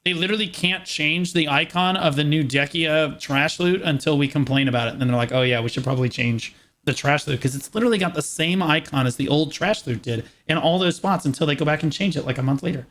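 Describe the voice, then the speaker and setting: A man co-hosting a gaming podcast, ranting in an animated, opinionated way in casual chat. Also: a little high, fast, hardly any pauses. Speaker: podcast co-host.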